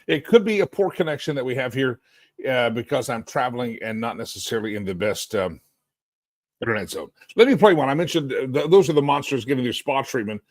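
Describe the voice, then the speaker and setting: A middle-aged man hosting a live political talk stream from a hotel suite, sarcastic and animated, rambling and restarting as he goes. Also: mid-range voice, brisk, dry recording. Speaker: talk show host.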